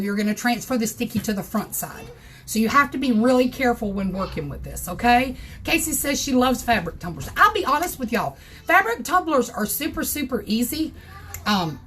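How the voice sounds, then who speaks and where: Hoarse, high-voiced Southern woman, folksy. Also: a little hiss or hum. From South Carolina, USA. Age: older. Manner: chatty, folksy, greets viewers by name. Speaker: crafting livestream host. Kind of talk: casual livestream tutorial. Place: home craft room.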